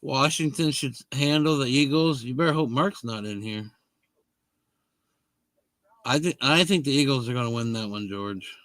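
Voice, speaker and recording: A man's voice: mid-range voice, moderate pace, pauses often, a bit bright, dry recording. A man hosting a live stream, chatting casually and bluntly, swearing freely. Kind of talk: casual chat with viewers.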